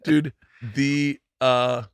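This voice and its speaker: A middle-aged man hosting a podcast, telling stories in a loose, profane, animated way and acting out the people in them. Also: medium pitch, extremely slow, clean tone, no room sound. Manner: profane, animated, acts out other people in the story. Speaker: podcast host. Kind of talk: casual comedic storytelling.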